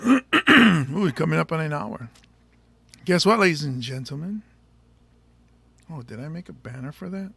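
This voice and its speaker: Comedian host, male, gravelly, slightly high voice, loose rambling banter, dry close mic. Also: lively intonation, fairly bright tone, no echo. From Samoa. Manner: rambling, joking, quick to laugh. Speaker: stand-up comedian hosting a show. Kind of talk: casual chat to an audience.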